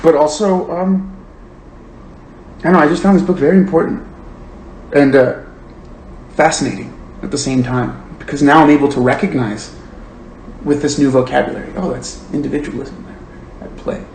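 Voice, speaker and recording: A man hosts a book club livestream, reading comments and talking things through earnestly and thoughtfully, though he stammers and restarts. His voice is a little high and darkish, with a steady tone, normal speed, and long pauses. The recording has a roomy echo and faint room noise.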